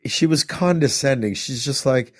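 A man's voice: medium pitch, moderate pace. A middle-aged man casually telling a long family story to a co-host, with rambling asides and bursts of laughter.

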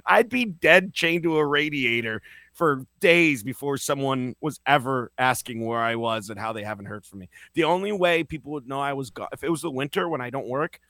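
Acting out quotes as he goes, this animated storyteller hosts a podcast full of casual chat and anecdotes. His mid-range voice moves fairly quickly, recorded dry with clean studio sound.

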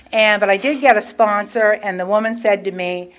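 A woman's voice: medium pitch, steady tone, unhurried. A middle-aged woman candidly telling her own recovery story, acting out her past self in quoted asides. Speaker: guest speaker sharing recovery story. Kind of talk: personal storytelling at a recovery meeting.

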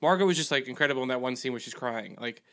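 A young man co-hosting a casual chat, rapid and animated, with lots of fillers. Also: mid-range voice, clear, resonant tone. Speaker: podcast co-host.

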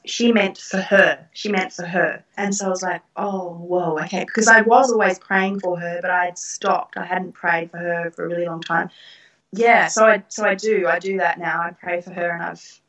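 A middle-aged woman recounts personal experiences in an interview, earnest and reflective, with soft laughs. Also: fairly low pitch, steady tone, moderate pace, highs cut off. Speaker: guest. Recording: roomy, distant from the mic.

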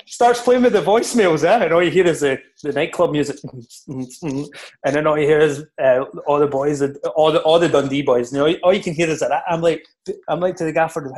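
A Scottish man, a former footballer, chatting casually and telling animated stories with laughs. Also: medium pitch, fairly quick. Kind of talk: casual podcast chat.

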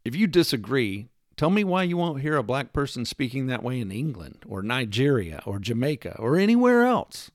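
Man for a sarcastic opinion monologue, lively swooping delivery, dry close sound. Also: mid-range voice, moderate pace, hardly any pauses, no echo. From United States. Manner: emphatic, sarcastic, lecturing with rhetorical questions; mimics accents in quoted lines. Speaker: commentator.

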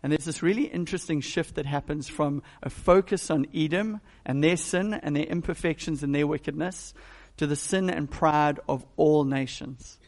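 A man's voice: on the high side, normal speed. A male pastor giving a conversational, emphatic sermon.

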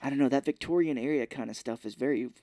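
A man co-hosting a podcast, casually retelling a film's scenes and slipping into quick voices for the characters. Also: mid-range voice, mellow, no room sound. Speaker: podcast co-host. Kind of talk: casual movie recap chat.

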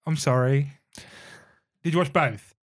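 A man's voice: medium pitch, a little slow. A young British man co-hosting a podcast, chatting casually, agreeing often and swearing freely. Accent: British English. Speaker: podcast co-host. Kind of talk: casual chat.

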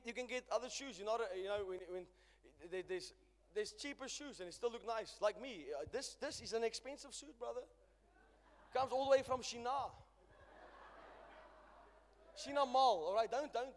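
South African male pastor, high voice, dynamic storyteller, church reverb. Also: a little fast. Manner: emphatic storytelling preacher, swings loud and soft. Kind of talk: sermon.

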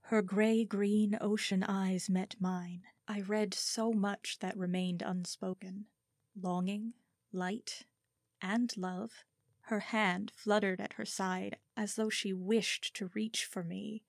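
A woman reads a first-person story aloud in a measured, expressive way. Her pace is unhurried and her pitch sits mid-range. The recording is dry, with no room echo. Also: creaky. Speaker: audiobook narrator. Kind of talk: scripted story narration.

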